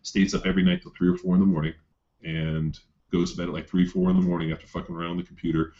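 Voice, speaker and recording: Very deep-voiced man swearing as he rambles. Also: little pitch movement, racing, mellow. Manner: rambling, swears freely, many fillers. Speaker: coach telling a client story. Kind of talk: casual podcast chat. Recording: dull lo-fi sound.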